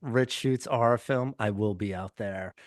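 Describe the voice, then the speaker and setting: A man's voice: on the low side, moderate pace, no room sound, studio quality. A man with a Long Island accent co-hosting a podcast, rambling and laughing at himself in casual chat. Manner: laughing, rambling, self-deprecating. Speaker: podcast co-host.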